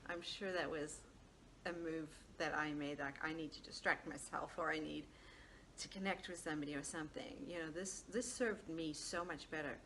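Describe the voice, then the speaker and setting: A woman's voice: sits low, fairly even intonation, normal speed, a bit bright, a little hiss or hum. A woman life coach telling a personal story in a casual, chatty way, laughing often and acting out the lines of the people in it. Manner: chatty, laughs often, acts out quoted dialogue.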